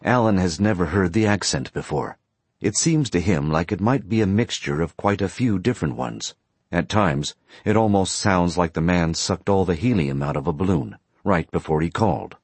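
A man narrating a story in a steady, plain storytelling manner. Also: sits low, moderate pace, husky, no room sound. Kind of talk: audiobook narration.

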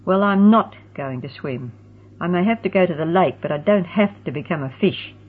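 A woman's voice: fairly low pitch, expressive, normal speed, slightly rough. A woman voicing a sulky, stubborn young teenage girl who grumbles. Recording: tinny phone-like sound.

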